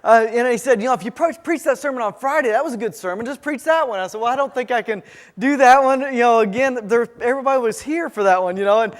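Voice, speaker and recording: A male pastor preaching a sermon, telling a personal story in a halting way, full of restarts and fillers. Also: very high-pitched. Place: church sanctuary. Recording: church sanctuary with long reverb.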